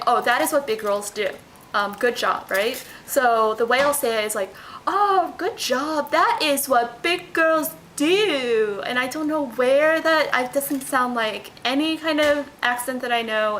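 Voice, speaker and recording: A woman's voice: on the high side, bright, forceful tone, slight background noise, poor audio. A young woman talking casually to her camera at home, answering a list of questions and rambling with many fillers and restarts. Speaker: vlogger.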